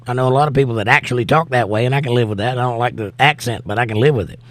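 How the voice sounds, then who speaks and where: A man's voice: medium pitch, racing, no room sound. A tired middle-aged man hosting a casual live stream, reading viewer comments aloud and answering them with laid-back, wry remarks. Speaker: livestream host.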